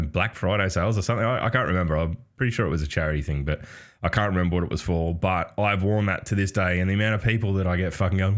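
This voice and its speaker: A man's voice: low-pitched, a bit bright. A man with an Australian accent co-hosting a casual gaming podcast, swearing freely, laughing often and reading chat aloud. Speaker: podcast co-host.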